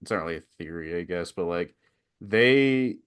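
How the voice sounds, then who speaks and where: A young man co-hosting a casual podcast chat, excitable and quick to laugh, with lots of fillers. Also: sits low, clear, resonant tone, no echo, clean studio sound. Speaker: podcast co-host.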